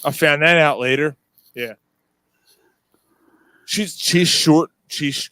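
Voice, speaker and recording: Animated, foul-mouthed man telling a story. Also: fairly high pitch, unhurried, long pauses, dry recording. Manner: animated, profane, swears constantly, laughs through the story. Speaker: podcast host. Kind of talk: casual storytelling chat.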